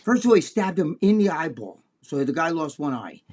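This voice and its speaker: Brief: high-pitched man, crude blunt podcast co-host, swears freely. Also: big pitch swings, a little fast, a little mellow. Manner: blunt, crude storyteller, acts out voices. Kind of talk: casual profane chat.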